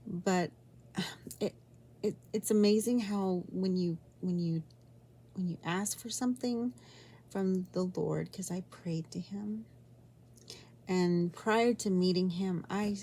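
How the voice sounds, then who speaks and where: A woman vlogging about her own love life, talking in a halting, rambling way with many restarts and an emotional, sometimes near-whispered delivery. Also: fairly low pitch, warm tone, a little hiss or hum. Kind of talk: personal storytelling vlog.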